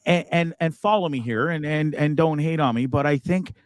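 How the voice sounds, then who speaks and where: A man's voice: fairly high pitch, moderate pace, no room sound. A middle-aged man hosting a casual podcast chat, rambling and swearing freely as he tells stories. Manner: profane, rambling, animated storyteller. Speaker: podcast host.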